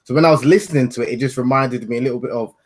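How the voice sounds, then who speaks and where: Man from west africa, quick talker, mid pitch, earnest, corrects himself mid-thought. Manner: fast, earnest, adds asides and self-corrections. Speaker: author, interview guest. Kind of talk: casual conversation.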